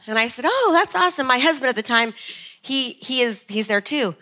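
A woman's voice: a little high, lively intonation, fairly quick, pushed and bright. A woman in her forties giving a chatty, nervous motivational talk on stage to a live audience. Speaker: motivational speaker.

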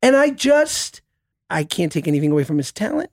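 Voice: mid-range voice, very animated, fairly quick, no echo, clean studio sound. A podcast host asking questions and riffing playfully in casual chat. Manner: playful, jokey rants.

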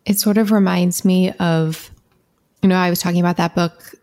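A woman's voice: fairly low pitch, fairly even intonation, moderate pace, darkish tone. A woman co-hosting a podcast in casual chat, reflective and sympathetic. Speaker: podcast co-host.

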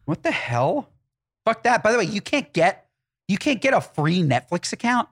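A co-host telling stories in a casual chat, lively and worked up at times. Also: moderate pace. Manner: lively storyteller, swings up in pitch when worked up. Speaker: podcast co-host.

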